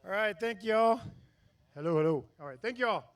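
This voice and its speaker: A man's voice: high-pitched, animated, moderate pace. A man hosting a live concert, out of breath, giving chatty, joking announcements to the crowd. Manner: chatty, joking, rambling banter. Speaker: venue host and concert organizer.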